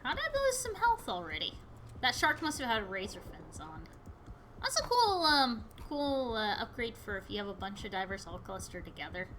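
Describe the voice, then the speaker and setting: Bright lively woman rambling through a game, squeals and jokes. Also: medium pitch, moderate pace, a little hiss or hum. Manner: chatty, excitable, yelps at the game. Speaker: gaming video host. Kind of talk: casual gameplay commentary.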